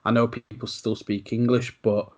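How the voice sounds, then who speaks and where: A man hosting a casual interview, asking long, rambling questions in a relaxed way. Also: mid-range voice, moderate pace, dull audio. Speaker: podcast host.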